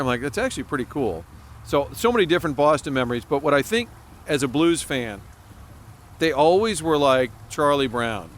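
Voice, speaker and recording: A man co-hosting a casual sports podcast, telling stories in an animated way and laughing as he talks. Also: medium pitch, a little hiss or hum. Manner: storytelling, animated, laughs while talking. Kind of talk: casual chat.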